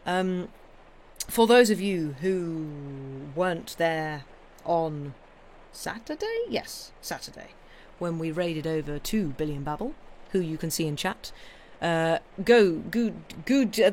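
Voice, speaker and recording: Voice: medium pitch, takes it slowly, a little mellow, a little hiss or hum. A British streamer in casual live chat, rambling between thoughts. The talk is loose and friendly, full of ums and restarts. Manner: chatty, rambling, with frequent fillers and restarts.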